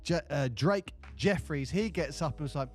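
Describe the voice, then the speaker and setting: A man co-hosting a podcast, telling stories in a rambling, animated way with many restarts. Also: a little high, moderate pace, faint music behind. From United Kingdom. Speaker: podcast co-host. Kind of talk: casual chat.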